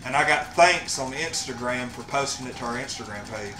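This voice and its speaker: A man's voice: mid-range voice, fairly quick. A man hosting a gaming stream, chatting in an easygoing, drawling way with fillers. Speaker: stream host. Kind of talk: casual gaming chat. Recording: echoey room with game music.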